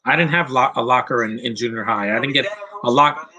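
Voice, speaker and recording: A man's voice: medium pitch, brisk, pushed and bright, rough recording. A man in his thirties giving casual live-stream movie commentary, rambling and blunt, swearing freely and often restarting sentences. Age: 30s.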